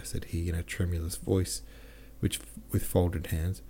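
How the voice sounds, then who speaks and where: A man's voice: deep voice, flat delivery, measured pace, hardly any pauses, mellow, slight background noise. A man hosting a podcast, reading a classic novel aloud with plain delivery and casual self-corrections and asides. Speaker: podcast host and audiobook reader.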